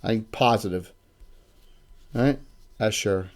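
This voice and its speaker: A man's voice: lowish voice, slow. A man with a South Jersey accent, hosting a livestream as game master and handing out prizes in a loose, joking way. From South Jersey, USA. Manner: loose and joking, with frequent restarts. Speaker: game master and show host.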